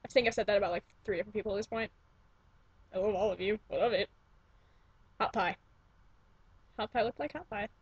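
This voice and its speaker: A young vlogger at home rambles to her computer webcam, gushing and cursing while repeatedly interrupting herself. She speaks briskly in a medium pitch that's slightly rough, with long pauses. No echo is present, but the highs are cut off.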